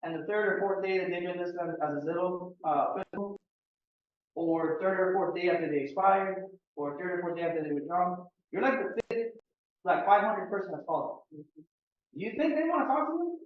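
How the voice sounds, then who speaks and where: Male trainer from Miami, high voice, casual and animated, recorded far off in an echoey room. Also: fairly quick. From Miami, United States. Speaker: real estate sales trainer. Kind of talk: team training talk. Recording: roomy, distant, dull meeting-room audio.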